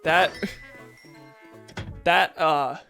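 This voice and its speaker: A game streamer thinks aloud while playing, in an easy, self-mocking chat with a mid-range voice. Soft game music plays faintly underneath. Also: mid-range voice, extremely slow, gravelly.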